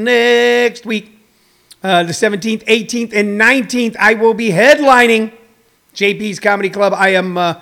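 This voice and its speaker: A stand-up comedian man talks off the cuff to people watching his livestream. His voice sits high for a man, and he rambles through many fillers and restarts. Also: a bit bright. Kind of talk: casual livestream monologue to viewers.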